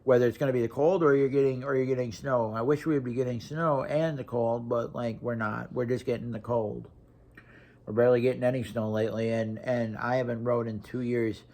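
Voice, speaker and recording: A man's voice: mid-range voice, steady tone, brisk, darkish tone. A young man from Wisconsin, ranting casually to camera with blunt, profane talk and lots of restarts. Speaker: vlogger.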